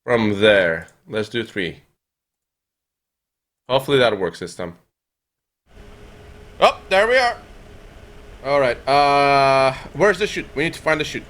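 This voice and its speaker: A young man streaming a flight game, chatting with viewers and thinking aloud with lots of fillers, now and then breaking into excited yells. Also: mid-range voice, slow pace, pauses often. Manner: reads and answers viewer chat while playing. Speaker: gaming streamer. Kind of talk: live gameplay commentary.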